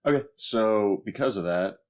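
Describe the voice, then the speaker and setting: Low-voiced male player, rambling, hesitant, fillers everywhere. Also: lively intonation, normal speed. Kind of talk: casual tabletop game play.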